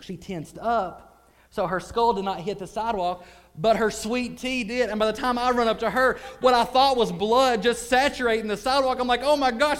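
Male preacher with a drawl, a touch high-pitched, animated storyteller, hushed to loud. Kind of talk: sermon storytelling.

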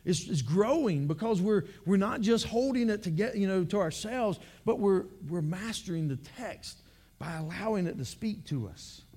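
A man's voice: sits high, animated, normal speed, warm tone, slightly rough. A man pastor giving a conversational sermon to his church, often repeating words as he builds his points.

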